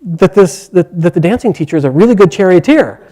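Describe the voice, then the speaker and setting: A man's voice: high voice, animated, fairly quick, dark tone. Man playing an insistent woman servant.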